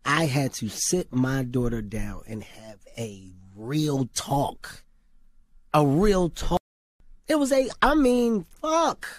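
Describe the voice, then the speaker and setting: A man on a talk show speaks slowly and emphatically, with a lively, swinging pitch. He laughs and curses freely, and the sound is dry and close. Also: no echo.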